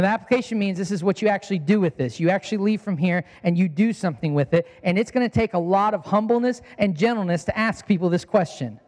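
A man in his thirties preaching a sermon as a pastor, earnest and emphatic, repeating his key lines. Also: high voice. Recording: long hall reverb.

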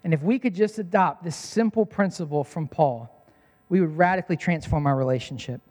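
A man's voice: fairly high pitch, a little fast, darkish tone. Man, pastor, sermon, earnest, emphatic, repeats key lines, long hall echo.

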